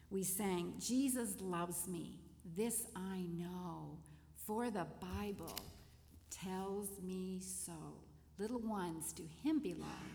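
An older woman shares a personal testimony, her voice slow to find words and tender. A gravelly edge runs through her speech. The sound carries a long reverb, as if from a large hall. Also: fairly low pitch. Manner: gentle, emotional, halting storytelling. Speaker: testimony speaker.

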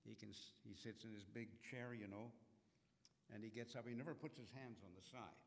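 A man preaching a sermon in a slow, earnest way, with dramatic rises in his voice. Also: fairly low pitch. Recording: long hall reverb.

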